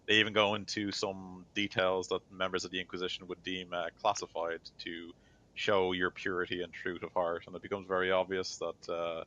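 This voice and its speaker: A man's voice: low voice, little pitch movement, normal speed, sharp tone. A man narrating a tabletop game as game master, rambling and full of fillers, on a dull lo-fi recording.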